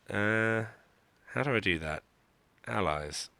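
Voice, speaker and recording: Deep gravelly man streaming a game. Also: unhurried, pauses often, sharp tone, no echo. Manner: wry, joking, self-mocking. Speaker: gaming streamer. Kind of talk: live gameplay commentary.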